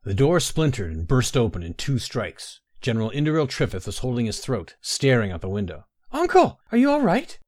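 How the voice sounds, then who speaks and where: A man narrating a fantasy story in a measured, even storytelling manner. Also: fairly low pitch, no echo, clean studio sound.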